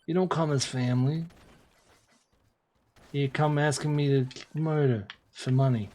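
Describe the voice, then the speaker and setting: A man voicing an aging mafia boss who speaks slowly and solemnly. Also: medium pitch, fairly even intonation, darkish tone, voice pushed up, close to an everyday voice. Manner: slow, solemn, deliberate delivery. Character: aging male mafia boss, grave and menacing.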